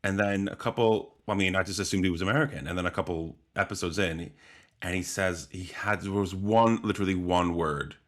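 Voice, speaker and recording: A man's voice: low-pitched, a little fast. A man co-hosting a podcast in casual chat, rambling and hesitant as he searches for words. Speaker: podcast co-host.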